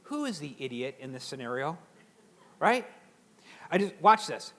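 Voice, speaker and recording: A middle-aged man giving a motivational seminar talk to a live audience, animated and acting out quoted voices. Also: on the high side, normal speed. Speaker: seminar speaker.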